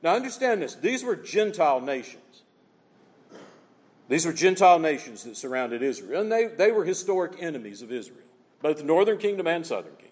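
A man's voice: a little high, sing-song, a little fast, darkish tone, breathy edge, long reverb tail. A man preaching a sermon, asking the crowd rhetorical questions and reading scripture aloud with energy. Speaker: pastor.

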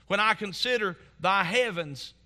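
This man's voice is high-pitched and his delivery a little slow as he preaches from the pulpit as a pastor. Earnest throughout, he swells toward fervent emphasis and then softens into gentle asides.

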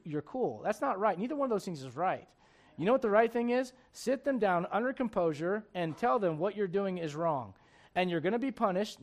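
Male pastor, high-pitched voice, animated sermon, digressive asides to congregation. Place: church sanctuary.

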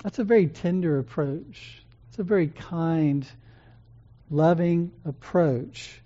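A preacher giving a sermon in an earnest, gentle and measured way, pausing and restarting phrases. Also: mid-range voice. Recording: dull lo-fi recording.

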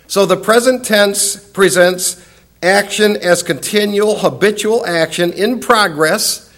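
Emphatic high-voiced man teaching scripture. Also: slow, a bit bright. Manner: earnest, emphatic, repeats key words. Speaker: Bible teacher. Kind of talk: Bible study lesson.

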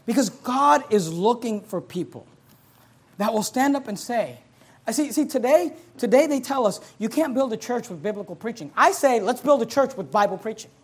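Fervent preacher man, shouting emphasis. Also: extremely high pitch, animated, normal speed, breathy edge. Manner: reads scripture in King James English. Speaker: pastor. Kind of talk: sermon.

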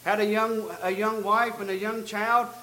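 A man preaching a sermon, telling a story and building to loud, emphatic peaks. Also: high-pitched, level tone, moderate pace, echoey room, poor audio. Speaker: pastor.

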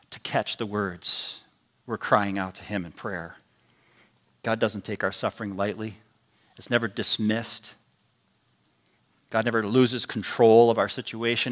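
A man preaching a sermon in a deliberate, emphatic way, his loudness rising and dropping sharply for stress. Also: mid-range voice.

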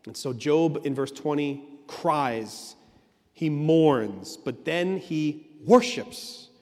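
A man's voice: on the high side, animated, very slow, darkish tone. Earnest preaching man in a reverberant hall. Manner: earnest preaching with emphatic repetition. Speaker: pastor. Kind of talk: sermon.

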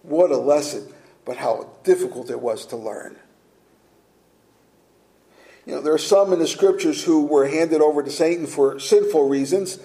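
A man's voice: a little high, moderate pace, pauses often, dark tone, reverberant, rough recording. A man preaching a sermon as pastor, earnest and direct, asking his listeners rhetorical questions.

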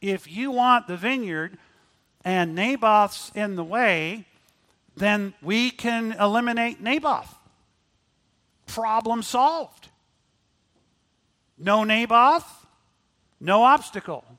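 A man's voice: high-pitched, bright, forceful tone, voice pushed up, heavily acted. A man preacher voicing a scheming queen who mocks her husband and pushes to have a man killed. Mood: scornful. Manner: mocking, brisk, pushy. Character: scheming ruthless queen, a woman.

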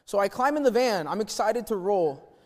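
A man from New Mexico preaching a sermon, telling a personal story in a folksy, animated way with many restarts. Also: sits high, normal speed. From New Mexico, USA. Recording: church hall reverb.

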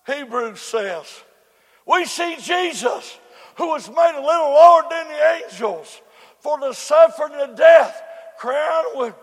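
A man preaches in a very high, gravelly voice, drawing out his words slowly. He shouts his lines, then drops to a low, quiet storytelling tone. The sound carries the long echo of a church hall, with a faint congregation behind him. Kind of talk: sermon.

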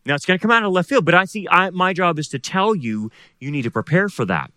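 A middle-aged male pastor preaching with a lively, swooping delivery and a rather high voice. His tone is bright and forceful, and he keeps throwing rhetorical questions at the congregation. The sound is dry and close. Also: fast, no room sound. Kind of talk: sermon.

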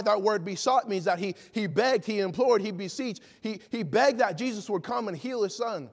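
A man's voice: high-pitched, moderate pace, few pauses. A man preaching a sermon, emphatic and full of rhetorical questions, acting out the people he quotes. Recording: long hall reverb.

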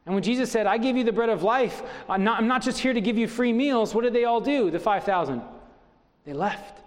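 A man's voice: very high-pitched, a little fast, big-room sound. A middle-aged man preaching a sermon as pastor, driving home his points with strings of rhetorical questions.

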